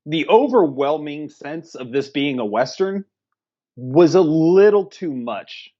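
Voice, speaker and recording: A man trades sarcastic, foul-mouthed jabs in a casual film chat. His voice is a touch high and comes through dull and lo-fi, with the top end muffled. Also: expressive, slow. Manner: sarcastic, profane banter. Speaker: podcast co-host, movie reviewer.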